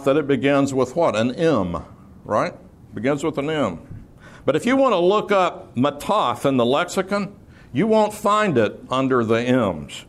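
A man's voice: mid-range voice, sing-song, a little slow. Man teaching scripture with dry humor. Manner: explanatory, dry humor, emphatic repetition. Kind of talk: expository sermon.

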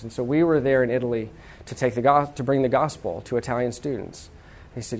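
A male pastor delivers a sermon in a relaxed, chatty way, slipping in jokes and asides to his listeners. His voice sits at an average pitch for a man. He tells stories more than he lectures. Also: quick pace. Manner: conversational and humorous, with restarts and asides.

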